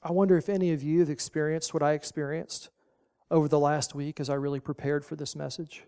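Delivering a sermon, a pastor speaks in a warm, mellow, smooth voice at medium pitch, with little pitch movement and a fairly quick pace. His style is folksy and emphatic, with casual asides, and he repeats short commands to drive each point home.

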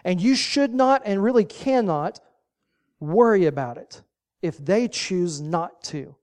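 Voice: mid-range voice, expressive, slow, a little mellow. A pastor preaching a sermon, folksy and emphatic, driving points home with short repeated commands.

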